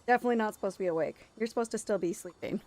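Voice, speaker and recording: A woman streaming from home late at night, chatting casually, laughing often and cooing softly to her toddler. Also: mid-range voice, racing. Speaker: game streamer and mother. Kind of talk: casual live-stream chat.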